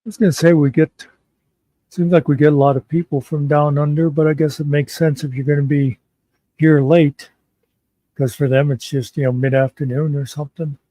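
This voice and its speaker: A man's voice: on the high side, flat delivery, moderate pace, warm tone, no echo. Easygoing joking American man. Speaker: stream host. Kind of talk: casual live-stream chat.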